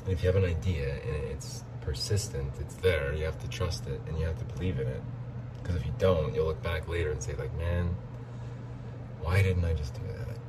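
A man talking in a halting, reflective, rambling way as the host of his own show. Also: very deep voice, fairly even intonation, background noise. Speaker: podcast host. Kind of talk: casual monologue.

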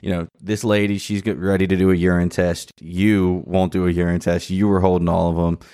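A man's voice: sits low, little pitch movement, a little fast, warm tone, clear, resonant tone, no room sound, clean studio sound. A man co-hosting a podcast, casually recapping a TV episode in a rambling, loose way. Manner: rambling, loose storytelling with lots of "um". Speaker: podcast co-host.

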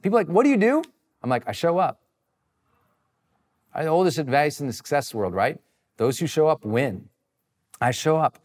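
A man giving a motivational talk and answering audience questions, energetic and emphatic, swinging his pitch wide for emphasis. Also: in a large hall. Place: live session with friends present.

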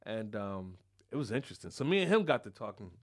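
Animated, profane man telling a story. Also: fairly low pitch, fast talker. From Philadelphia. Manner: profane, animated, acts out the people in his story. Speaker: podcast host. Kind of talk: casual storytelling chat.

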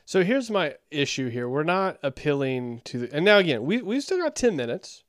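A sermon reviewer with a slightly high, very animated voice offers casual, critical commentary at a moderate pace. Wry and thinking aloud, he reads scripture passages aloud, captured in clean studio sound with no room sound.

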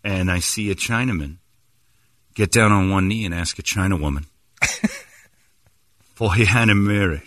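A man's voice: deep voice, a little slow, long pauses, a bit bright, no room sound. A man hosting a sports radio show, rambling and teasing his co-hosts in joking studio banter.

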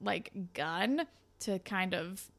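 Bright, animated young woman recapping. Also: mid-range voice, very slow. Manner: animated, swears, acts out characters' lines. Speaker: podcast co-host. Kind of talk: casual recap chat.

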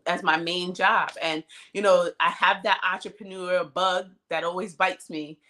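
A woman in her thirties hosts a podcast in a candid, chatty way and laughs often. Her voice is on the low side for a woman and sounds bright and forceful. She is recorded on a cell phone. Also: fairly even intonation, unhurried. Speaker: podcast co-host. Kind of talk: casual chat.

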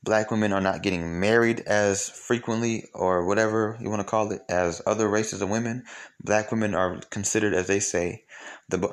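Man, slightly low voice, blunt, profane, rambling commentary, rhetorical questions. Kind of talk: opinionated monologue to listeners.

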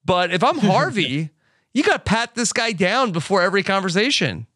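A man co-hosting a recap podcast in a somewhat high, bright voice. He talks casually and haltingly, filling his pauses, on a dry close mic. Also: no echo. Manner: relaxed, halting, with many fillers. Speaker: podcast co-host.

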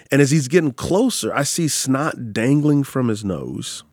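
A man's voice: mid-range voice, measured pace, no room sound, studio quality. A man who is a pastor, telling stories in an interview and acting out the quotes in them. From San Antonio, Texas. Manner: animated storyteller, acts out quotes. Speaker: pastor and author. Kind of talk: storytelling in an interview.

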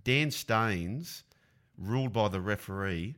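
A middle-aged Australian man, a former rugby league player, telling animated sporting stories in casual podcast chat. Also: lowish voice, slow. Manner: animated yarn-spinner, acts out blows.

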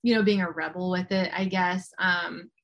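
A woman in her forties, a guest on a talk show, telling her story in a chatty, animated way and acting out what others said. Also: fairly low pitch, normal speed, gravelly. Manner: chatty, animated retelling with quoted voices. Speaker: guest, medium. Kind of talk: casual storytelling interview.

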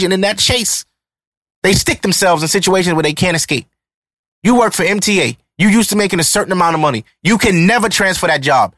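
A man's voice: high-pitched, fairly bright tone, no echo. A man in his thirties hosting a podcast, ranting in a heated, profane, emphatic monologue. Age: 30s. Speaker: podcast host.

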